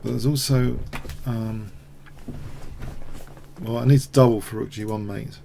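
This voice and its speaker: A man thinking aloud in a halting way as he commentates his own online chess game. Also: mid-range voice, fairly even intonation, gravelly, warm tone, slight background noise. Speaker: chess streamer.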